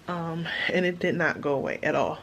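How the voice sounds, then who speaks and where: A woman's voice: low-pitched, fairly even intonation, moderate pace, fairly bright tone, a little hiss or hum. A woman chatting casually through a vlog update, with lots of fillers. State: out of breath. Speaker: vlogger. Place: car, then hospital room.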